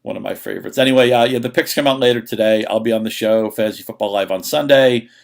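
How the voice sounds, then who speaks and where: A man appearing as a fantasy football analyst on a sports radio show, breaking down players in a rapid, analytical way. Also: lowish voice, vocal fry. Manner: rapid, analytical, with quick restarts. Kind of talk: casual sports radio chat.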